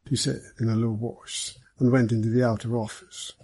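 A man reading a mystery novel aloud as the narrator, in a measured way. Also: medium pitch, fairly even intonation, warm tone, slightly rough. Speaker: audiobook narrator. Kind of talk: scripted narration.

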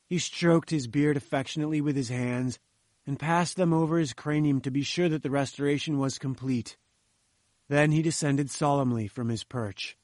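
A man's voice: medium pitch, darkish tone, no room sound, clean studio sound. Man narrating an audiobook.

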